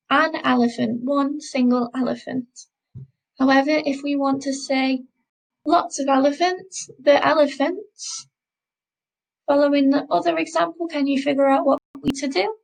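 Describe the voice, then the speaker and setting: A woman teaching a school French class, speaking slowly and patiently and repeating each word twice. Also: sits high, fairly even intonation, gravelly, poor audio. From England. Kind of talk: classroom lesson explaining French grammar.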